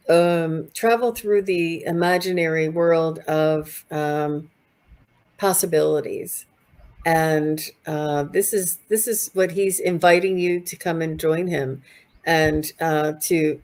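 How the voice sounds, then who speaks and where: A woman doing a live spiritual reading in an unhurried, halting way. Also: deep voice, darkish tone. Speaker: psychic reader.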